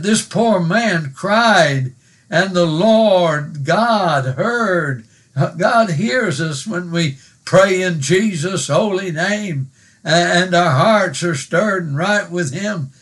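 Male preacher, slow and earnest delivery, somewhat high voice, repeats phrases. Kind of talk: sermon with prayer.

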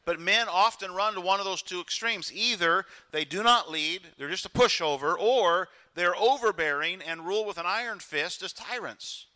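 A man preaching a sermon as pastor in church, animated and acting out quoted voices. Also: high-pitched, moderate pace, few pauses.

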